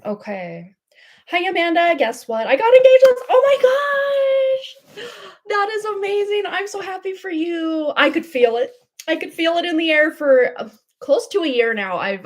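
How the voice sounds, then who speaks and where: A woman giving live tarot readings on a livestream, chatty and gushing, full of fillers and little laughs. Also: on the high side. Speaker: tarot reader. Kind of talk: casual livestream chat.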